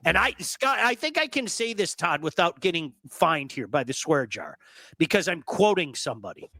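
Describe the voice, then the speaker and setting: A man hosting a sports talk show, telling stories in an emphatic, animated way and repeating words for effect. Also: a little high, normal speed, creaky, no echo. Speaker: sports radio host.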